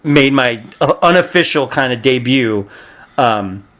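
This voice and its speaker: A man in his forties, a podcast guest, telling stories in a casual chat and acting out quotes in a higher voice. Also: a little slow. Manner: animated, laughing, acts out quotes in a higher voice. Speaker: podcast guest, pro wrestler.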